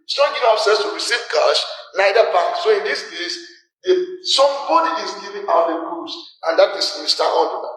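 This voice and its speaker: A middle-aged man teaching accounting as a tutor, explaining slowly and repeating the key terms for emphasis. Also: sits high, lively intonation, fairly bright tone. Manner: slow, repetitive explaining with stressed key terms. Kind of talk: classroom lecture. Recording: echoey room, mic far off.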